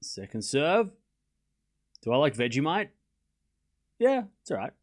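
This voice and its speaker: A man's voice: a little high, very animated, a little slow. A young man hosting a live tennis watchalong, calling points and chatting casually with viewers. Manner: casual, chatty, answers chat questions between points. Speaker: host.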